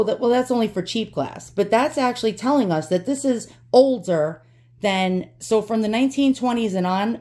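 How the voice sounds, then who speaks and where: A woman's voice: mid-range voice, a little mellow. A middle-aged woman with a New York accent, chatting casually and giggling as she shows her glass collection. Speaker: antique collector vlogger. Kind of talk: casual show-and-tell.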